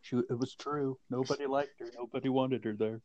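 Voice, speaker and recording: A man swaps crude jokes with his co-host in a relaxed, foul-mouthed podcast chat. He keeps laughing at his own lines. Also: mid-range voice, fairly quick, dull audio. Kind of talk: casual profane chat.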